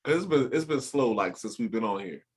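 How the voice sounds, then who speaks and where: A man hosting a casual chat show, talking in an animated way, laughing often and swearing freely. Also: medium pitch, brisk, slightly rough. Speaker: podcast host.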